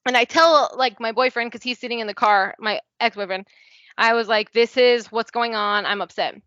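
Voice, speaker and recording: Chatting as a guest on a laid-back podcast, a young adult woman openly recounts something from her own life, sprinkling in "like" and curse words and performing the quoted dialogue. She has a somewhat high, fairly bright voice at a moderate pace. There's no room sound, and the recording is dry and slightly dull.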